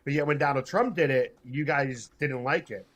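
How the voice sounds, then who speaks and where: A man's voice: medium pitch, moderate pace, a bit bright. A man in his thirties calling into a live debate, angry, accusatory and swearing often. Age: 30s. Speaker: caller.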